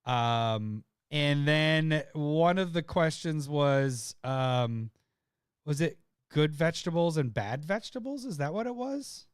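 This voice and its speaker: Guy on a podcast telling a funny story, laughs a lot, smooth clear voice, dry close sound. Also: fairly high pitch, slow pace, no room sound. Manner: laughing, animated storyteller who shouts impressions of friends. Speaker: podcast co-host. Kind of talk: casual chat, storytelling.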